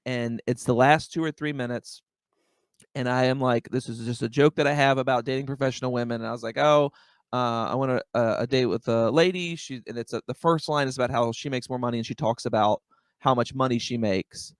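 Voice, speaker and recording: A young adult man, a stand-up comedian, telling a story as a podcast guest in an animated, filler-heavy way, often saying "like" and "dude". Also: mid-range voice, fairly quick, clean tone, no echo. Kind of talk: casual storytelling chat.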